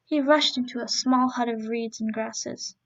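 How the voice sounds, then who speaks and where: A woman reading a traditional story aloud in slow, deliberate phrases. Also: a little high, fairly even intonation, gravelly, muffled recording.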